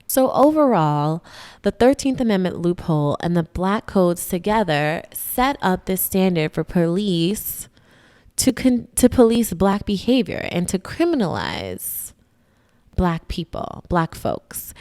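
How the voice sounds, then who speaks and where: A woman's voice: lowish voice, big pitch swings, a little slow, darkish tone. A woman hosting a podcast, explaining history in a conversational, emphatic way and often checking in with her listeners. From United States. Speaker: podcast host.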